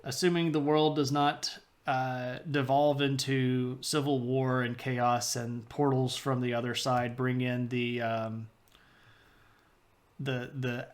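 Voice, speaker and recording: A man chatting casually with his live-stream viewers, rambling and halting as he goes over the schedule. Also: mid-range voice, flat delivery. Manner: rambling, halting, talks baby talk to his dog. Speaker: history streamer.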